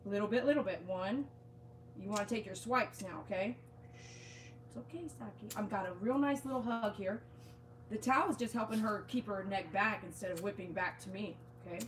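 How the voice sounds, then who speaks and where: A woman's voice: medium pitch, normal speed, noisy background. A woman dog groomer talking outdoors on a live-streamed grooming demonstration, chatty, coaxing and reassuring.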